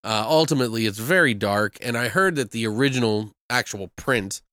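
A man's voice: medium pitch, expressive, brisk, pushed and bright, no echo. A man in casual chat as a podcast host, rambling with lots of fillers and swearing. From United States. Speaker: podcast host reviewing films.

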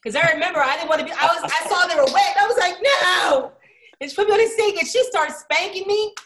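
A woman's voice: very high-pitched, very fast. A woman from Philadelphia in casual chat, telling stories expressively and acting out voices. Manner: expressive, acts out voices, laughs often.

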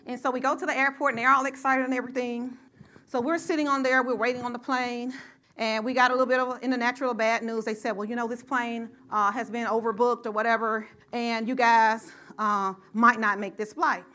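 A high, bright-voiced middle-aged woman preaches a sermon. She draws the congregation in with call and response, tells a story from her own life, and climbs into loud shouts. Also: level tone, fairly quick.

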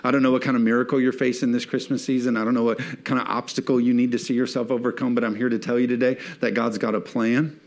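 A man's voice: medium pitch, flat delivery, quick pace, hardly any pauses. A man preaching a sermon in a church, reading scripture and rising to emphatic peaks as he calls on the congregation to respond. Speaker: pastor.

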